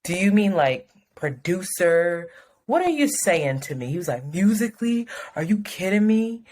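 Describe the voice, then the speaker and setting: A woman's voice: on the low side, normal speed. A woman co-hosting a podcast in casual chat, telling a story frankly and with plenty of swearing. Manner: frank, profane, animated storytelling. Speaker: podcast co-host.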